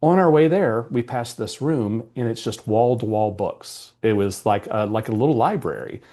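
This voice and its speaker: A man in a podcast interview tells a story with feeling, voice at an ordinary middle pitch. He sounds earnest and animated, and he slips into the voices of the people he describes. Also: moderate pace. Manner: animated, acts out quoted dialogue; emotional, earnest recounting. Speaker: podcast guest, EQ coach.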